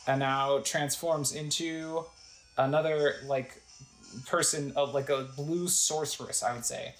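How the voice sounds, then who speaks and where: A woman's voice: deep voice, fairly even intonation, unhurried, roomy sound, faint music behind, poor audio. A woman casually narrating a video game playthrough, describing the screen and reading its text aloud. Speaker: gamer narrating a let's play.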